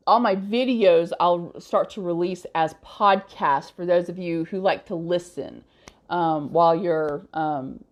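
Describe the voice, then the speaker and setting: A woman hosting a casual live question-and-answer stream, chatty, laughing often and blunt with trolls. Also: on the low side. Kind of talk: casual live-stream chat reading comments.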